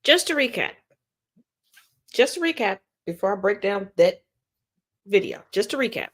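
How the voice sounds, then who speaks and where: A woman's voice: medium pitch, sing-song, normal speed. A woman hosting a commentary video, breaking down clips in a sarcastic, mocking, pointed way. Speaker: commentary host.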